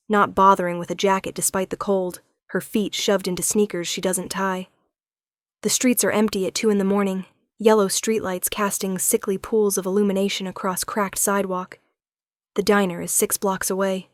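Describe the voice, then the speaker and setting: A woman narrating a scripted romance story in a measured, dramatic storytelling style, recorded on a close mic. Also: medium pitch, flat delivery, no echo.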